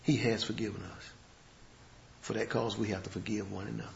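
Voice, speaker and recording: A man preaching a sermon in a folksy way, dropping to a hush and then rising to shouts. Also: fairly low pitch, level tone, fairly quick, creaky, reverberant, dull audio, a little hiss or hum. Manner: swings from hushed to shouting, folksy grammar.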